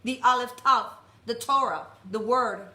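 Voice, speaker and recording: High, forceful woman preaching. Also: unhurried. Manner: forceful, commanding, calls out to the congregation. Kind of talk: sermon. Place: messianic temple. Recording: echoey room.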